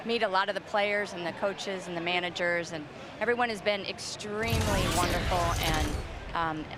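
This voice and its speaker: A woman's voice: fairly low pitch, fairly even intonation, normal speed. Female charity founder, interview guest, polite, informative, noisy surroundings. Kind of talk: on-field interview.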